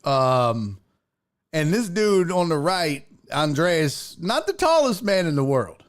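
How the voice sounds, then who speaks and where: A man hosting a show, casually commenting on a video with profane jokes and mimicking the people in it. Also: slow pace. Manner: animated, profane, mimics people in high voices. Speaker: show host.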